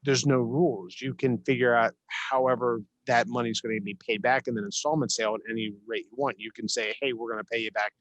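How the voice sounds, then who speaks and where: A man's voice: mid-range voice, a little fast, few pauses, no echo, highs cut off. Easygoing man explaining, dry sound. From South Jersey, US. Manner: relaxed, many restarts and fillers, chuckles often. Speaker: interview guest, investor and attorney. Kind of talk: casual interview chat.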